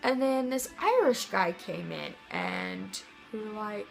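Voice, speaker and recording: A young woman from Missouri telling a rambling, excitable vlog story, full of "like" and "um". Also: medium pitch, takes it slowly, creaky, soft background music, poor audio. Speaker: vlogger.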